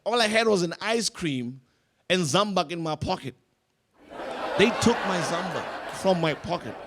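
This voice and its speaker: A young man, doing animated stand-up storytelling and acting out voices. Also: high-pitched. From South Africa. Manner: animated, acts out voices, laughs through lines. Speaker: stand-up comedian. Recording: noisy live room.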